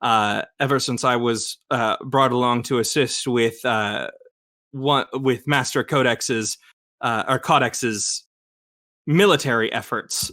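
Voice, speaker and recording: A man voicing a polite, scholarly German Shepherd dog man with a rough attempt at a German accent, speaking haltingly. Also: medium pitch, sharp tone, no room sound, studio quality. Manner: polite, halting, full of fillers.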